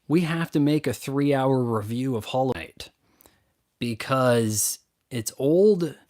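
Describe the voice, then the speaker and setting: A man's voice: medium pitch, slow, darkish tone. Blunt sarcastic man ranting. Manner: blunt, sarcastic, mocks others with put-on voices. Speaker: YouTube movie and game critic answering questions. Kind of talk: casual profane Q&A rant.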